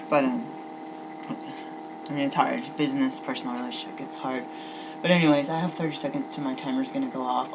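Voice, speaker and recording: A woman rambling through a personal vlog, often dropping into whispered asides. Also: a bass voice. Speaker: vlogger. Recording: loud background noise and hum.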